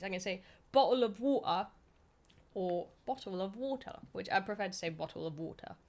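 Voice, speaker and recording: Chatty, swearing woman streamer from Poland. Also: mid-range voice. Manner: loose and chatty, swears, many fillers, laughs easily. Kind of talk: casual chat answering viewer questions.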